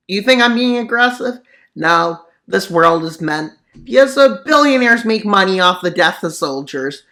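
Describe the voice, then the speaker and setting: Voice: mid-range voice, animated, a little slow, sharp tone. A mapping video narrator giving casual commentary on a war scenario, full of sarcastic, rambling asides.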